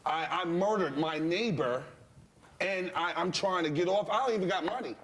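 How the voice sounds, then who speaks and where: A man's voice: sits high, moderate pace, fairly bright tone, slight background noise. A man, a comedian on a panel show, defending himself with a sheepish, stammering delivery. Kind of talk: panel banter. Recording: studio audience laughter.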